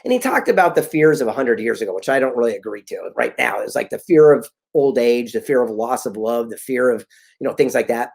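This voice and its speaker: Middle-aged male motivational speaker, husky, very animated delivery, storyteller. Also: medium pitch, brisk. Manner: animated storyteller, acts out quoted dialogue. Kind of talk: motivational talk.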